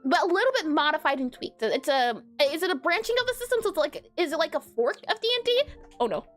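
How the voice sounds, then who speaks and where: High, lively, giggly woman streamer. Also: fast, soft background music. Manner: playful, giggly, chatty. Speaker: game developer streaming. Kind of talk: casual live-stream coding chat.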